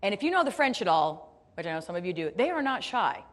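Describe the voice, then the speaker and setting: Talking fast in a mid-range voice, an American woman delivers a motivational keynote. Speaking directly to the audience, she tells her story with animated, playful self-deprecation.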